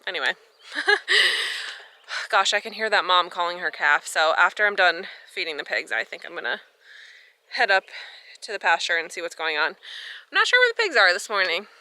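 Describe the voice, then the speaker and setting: Bright, chatty young American woman outdoors. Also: lowish voice, fairly quick, dry recording. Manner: chatty, excitable, lots of "like". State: a little out of breath. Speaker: farmer vlogger. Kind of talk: casual vlog narration. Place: outdoors on a farm.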